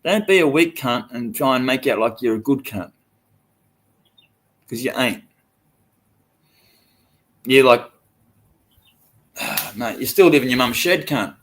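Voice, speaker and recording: A man's voice: medium pitch, lively intonation, unhurried, long pauses, a bit bright. Aussie guy ranting at his stream chat, lots of swearing, cocky and taunting. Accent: Australian. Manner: profane, taunting, swaggering. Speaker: livestreamer. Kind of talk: live stream rant to chat.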